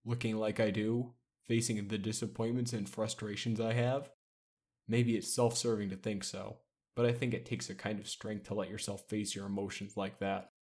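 Brief: male reader as a soft-spoken team leader, low-voiced, gentle and reassuring. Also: little pitch movement, normal speed, natural voice.

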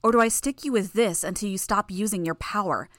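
A woman voicing a cruel, mocking young female villain who taunts in a raised, sharp voice. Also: mid-range voice, brisk, no room sound, lightly acted. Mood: threatening.

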